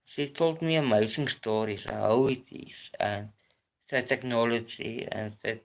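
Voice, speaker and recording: Man hosting a live stream, unhurried and halting, mid-range voice, stops and restarts often. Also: medium pitch. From South Africa. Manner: slow, hesitant, many restarts and fillers. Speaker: livestream host answering chat. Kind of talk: casual live-stream chat.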